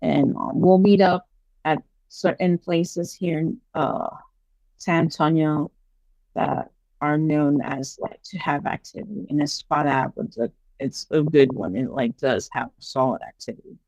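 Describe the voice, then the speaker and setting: A woman guest on a podcast, casually telling paranormal stories in a chatty, animated way full of fillers. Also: low voice, unhurried, no room sound. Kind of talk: casual storytelling interview.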